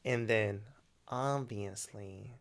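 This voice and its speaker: Gravelly man telling a story animatedly. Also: on the low side. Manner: animated, slangy storytelling with quick acted quotes. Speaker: podcast co-host. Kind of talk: casual chat.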